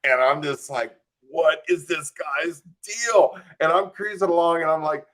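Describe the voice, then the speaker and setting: A man's voice: on the high side, a little slow. A man guest on a podcast telling a long anecdote, acting out his own thoughts and peppering it with "like.". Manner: animated, acts out his own quoted thoughts; frequent "like" and "I'm just like" fillers.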